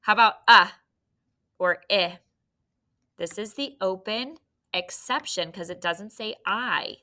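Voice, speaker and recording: A young woman teaching phonics to a third grade class, slow and encouraging, spelling words out letter by letter. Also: mid-range voice, bright, forceful tone. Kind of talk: phonics lesson to young students.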